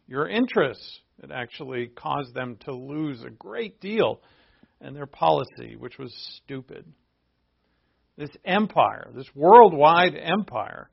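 A man's voice: fairly high pitch, animated, takes it slowly, creaky, slightly rough. A man preaching a sermon in a conversational way, with asides to his listeners. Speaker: pastor. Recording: dull lo-fi recording.

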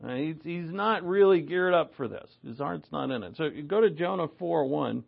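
A man preaching a sermon, animated, moving between loud emphasis and low asides. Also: normal speed, creaky, highs cut off.

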